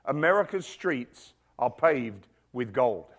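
A man's voice: medium pitch, sing-song, slow. A middle-aged man preaching a sermon to his church, emphatic and full of rhetorical questions. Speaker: pastor. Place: church with congregation and children.

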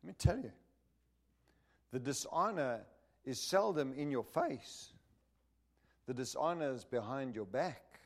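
A man's voice: mid-range voice, animated, measured pace, long pauses. A man preaching a sermon in an emphatic, punchy way, repeating phrases to drive his points home and asking the listeners whether they understand. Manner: asks the listeners for agreement.

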